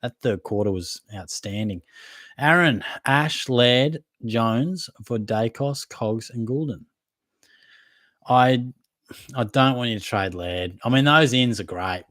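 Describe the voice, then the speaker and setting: A man's voice: medium pitch, slow pace, a bit bright, dry recording. A man with an Australian accent hosting a live Q&A, reading out viewer questions and answering them in a casual, matey way. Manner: casual, matey, conversational, hedging fillers. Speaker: fantasy football podcast host.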